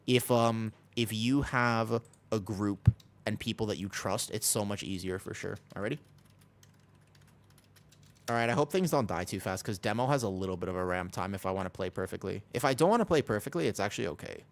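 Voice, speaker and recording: A man's voice: lowish voice, brisk. Man rambling casually while streaming a game. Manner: rambling, many "like" fillers, talking to chat between game callouts.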